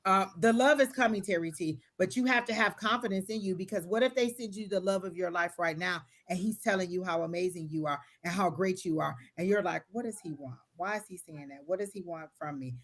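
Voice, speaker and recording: A woman giving psychic readings to viewers on a live stream, talking in an earnest, repetitive, motivational way with casual phrasing. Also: lowish voice. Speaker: tarot and psychic reader.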